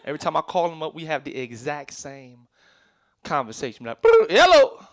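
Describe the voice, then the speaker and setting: A young man doing a stand-up comedy set on a club stage, telling stories in with quick asides to the crowd. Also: fairly high pitch, a bit bright. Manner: loose, streetwise storytelling with quick asides to the crowd.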